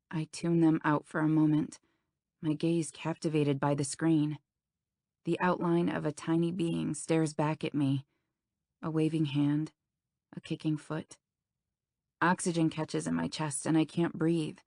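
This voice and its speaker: Romance audiobook narrator, young woman, low and gravelly, intimate first-person read. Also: level tone, measured pace, darkish tone, no room sound, studio quality. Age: young adult.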